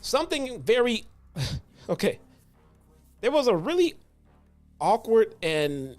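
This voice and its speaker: A man hosting a retro review show in a relaxed, profane way. He tells stories with growing animation, slipping in slang and restarts. Faint music plays in the background. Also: on the high side. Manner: casual, profane, animated storytelling. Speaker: host. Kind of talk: casual retro wrestling review.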